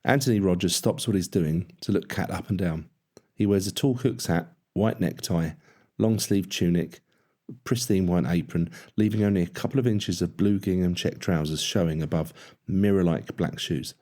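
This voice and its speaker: A man narrating an audiobook in a steady, measured storytelling voice. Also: deep voice. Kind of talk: scripted narration.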